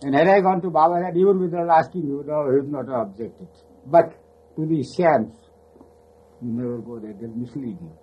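Husky older man telling old stories. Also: fairly high pitch, a little fast. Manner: rambling, laughs often, mimics voices in quotes. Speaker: storyteller recalling his spiritual teacher. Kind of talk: casual spoken reminiscence. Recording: muffled lo-fi recording.

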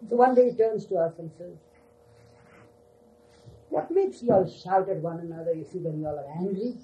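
An older man recalling his time with his teacher for a small gathering, unhurried and often adding "you see". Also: sits high, dark tone, muffled recording. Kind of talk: reminiscing talk to a gathering.

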